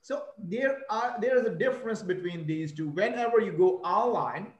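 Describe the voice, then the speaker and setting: A man's voice: sits high, expressive, normal speed, echoey room, dull audio. A man with a Pakistani accent teaching English, emphatic and instructive, repeating words as a drill. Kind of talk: online English lesson discussion.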